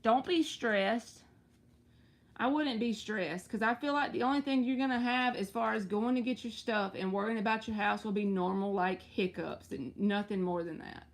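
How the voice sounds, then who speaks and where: A woman's voice: mid-range voice, normal speed. A woman hosting a live tarot reading, talking in a chatty, reassuring way with playful slang.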